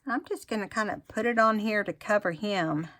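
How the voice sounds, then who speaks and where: A woman with a medium-pitched, fairly bright voice hosts a craft tutorial, talking casually as she demonstrates. She's chatty and rambling, and admits she's taking her time.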